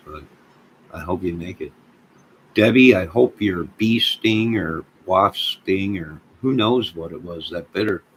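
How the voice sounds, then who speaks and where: A man hosting a livestream, rambling and joking in a deadpan way as he talks to viewers in chat. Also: low-pitched, slight background noise, low-quality recording. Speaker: livestream host.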